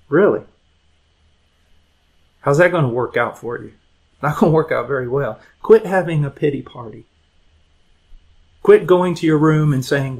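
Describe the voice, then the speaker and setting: A man's voice: on the high side, normal speed, low-quality recording. A man teaching a conversational Bible lesson to young people, earnest and emphatic, often repeating words, chuckling, and asking his listeners direct questions.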